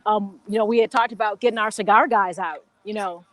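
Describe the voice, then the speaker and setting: A woman's voice: medium pitch, steady tone, fairly quick. A woman co-hosting a live sports talk show on location, chatty, with lots of "you know what I'm saying.". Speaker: co-host. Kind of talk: live sports radio chat. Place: golf country club, on location.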